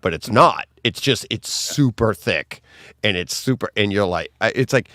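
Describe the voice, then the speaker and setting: A man's voice: on the low side, moderate pace, dry recording, clean studio sound. A man with a Boston accent co-hosting a home theater show, chatting casually and telling stories animatedly. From Boston area. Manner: animated storyteller, mimics voices with laughs. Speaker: podcast co-host. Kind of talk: casual chat.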